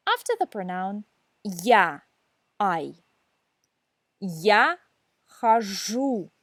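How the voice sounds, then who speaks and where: Woman, language teacher, scripted lesson read slowly, fairly high and expressive, dry studio sound. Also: dry recording. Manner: deliberate, enunciating each word for learners.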